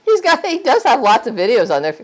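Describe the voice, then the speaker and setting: A woman's voice: fairly high pitch, wildly swooping pitch, fast. An older woman co-hosting a casual live stream, chatty and laughing often as she reads viewer comments aloud. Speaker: co-host reading viewer chat.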